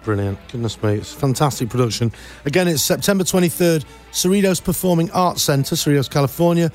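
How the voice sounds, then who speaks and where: A man's voice: fairly high pitch, fast talker, a little mellow, faint music behind. A man hosting a radio interview, enthusiastic and plugging event details. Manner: enthusiastic, promo plugs. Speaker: radio host.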